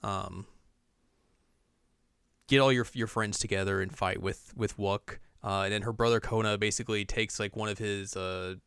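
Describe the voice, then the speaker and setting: A man's voice: lowish voice, fairly even intonation, moderate pace, a bit bright, smooth, dry recording, clean studio sound. A man co-hosting a podcast, casually recapping a game story in a rambling way with lots of "like" and laughs. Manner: rambling, full of "like" and laughs, acts out characters. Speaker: podcast co-host.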